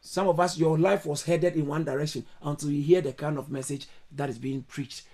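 A male pastor preaching a sermon to an online church service, emphatic, repeating his phrases and breaking into sudden high exclamations. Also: steady tone, brisk, dark tone. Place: online church service over video call.

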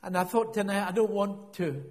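High-voiced male preacher telling a story. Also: normal speed, darkish tone, in a large hall. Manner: reflective, repeats and restarts words. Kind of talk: sermon, personal storytelling.

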